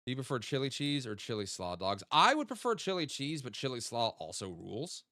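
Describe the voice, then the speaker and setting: Chatty man, lively pitch. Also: fairly quick, dry recording, studio quality. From American South. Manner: chatty, thinks aloud, hums to himself. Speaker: streamer playing a geography game. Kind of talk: casual live-stream chat.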